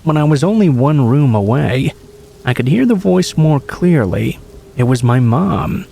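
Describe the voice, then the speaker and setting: A man narrating true horror stories in a calm, measured, scripted way. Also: medium pitch.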